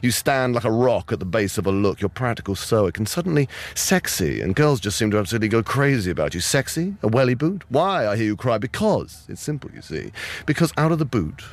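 A man's voice: medium pitch, very animated, a little fast. A man performing a comic poem with theatrical, rhythmic delivery, then chatting as a guest at a festival broadcast. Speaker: guest poet.

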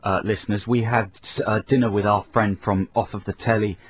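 A man's voice: fairly low pitch, fairly even intonation, fairly quick, breathy edge. A man co-hosting a radio show, teasing his partner in dry, casual banter. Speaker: radio co-host.

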